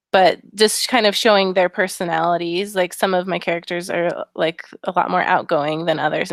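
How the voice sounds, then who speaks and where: A reserved woman co-host speaking quietly and modestly in a casual chat. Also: on the low side, creaky, no echo, studio quality. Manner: reserved, soft-spoken, laughs shyly. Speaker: podcast co-host, author.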